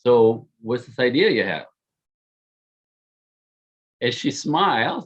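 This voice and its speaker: A man on a podcast telling the story of how he met his partner, animated and self-mocking, laughing often. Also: medium pitch, slow, long pauses, breathy edge, muffled recording.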